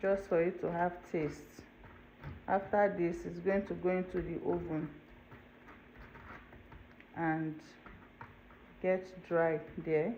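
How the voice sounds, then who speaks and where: A woman's voice: lowish voice, little pitch movement, takes it slowly, long pauses, darkish tone. Woman walking you thru her cooking, chatty, keeps saying okay, kitchen hum in the back, kinda muffled audio. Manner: chatty step-by-step explaining, checks in with "okay?". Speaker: cooking channel host. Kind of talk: casual cooking tutorial. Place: home kitchen. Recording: dull lo-fi home video with faint room noise.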